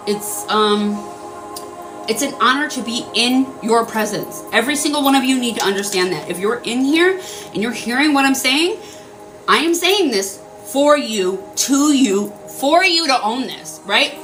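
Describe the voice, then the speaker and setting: A young woman talking casually to her viewers, animated and full of filler words, swearing freely. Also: a little high. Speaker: energy healing vlogger.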